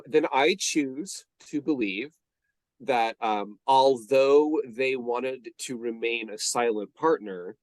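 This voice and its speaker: A man's voice: mid-range voice, no echo. A man co-hosting a podcast, chatting casually about a movie, rambling with restarts and frequent laughs. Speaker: podcast co-host.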